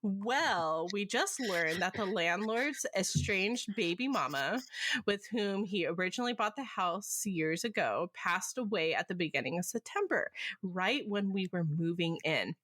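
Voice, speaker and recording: Podcast co-host, woman, husky and slow-spoken, giggly storyteller. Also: mid-range voice, lively intonation, fairly bright tone, dry recording, clean studio sound. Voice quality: husky smoker's voice. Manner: giggly, laughs often while reading. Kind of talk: casual chat reading listener stories.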